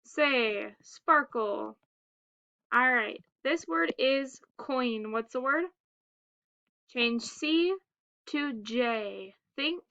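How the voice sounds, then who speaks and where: Slow, bright-voiced woman teaching phonics. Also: high-pitched, lively intonation, highs cut off. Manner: slow, deliberate, clearly enunciated word prompts. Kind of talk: phonics lesson for young children.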